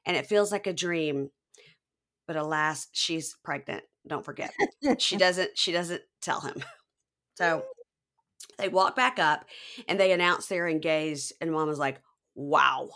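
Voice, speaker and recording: A woman's voice: low voice, a little slow, pauses often. A woman co-hosting a podcast, chatting casually and acting out the people she quotes. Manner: animated, acts out quoted people. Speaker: podcast co-host. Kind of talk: casual chat recapping a reality show.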